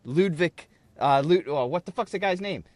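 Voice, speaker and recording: A man co-hosting a podcast, telling an animated story in casual chat and swearing freely. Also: sits high, normal speed, dry recording. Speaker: podcast co-host.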